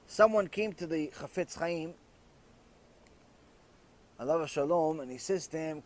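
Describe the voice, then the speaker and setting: A man's voice: fairly high pitch, a little slow, pauses often. A man, a rabbi, giving a Torah lecture and acting out a story's dialogue as he tells it.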